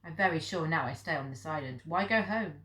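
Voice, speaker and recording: A woman's voice: low voice, animated, a little fast, a bit bright. A woman reading the part of an old Japanese hermit man who speaks in blunt, clipped broken English, recorded in an echoey room. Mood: grave.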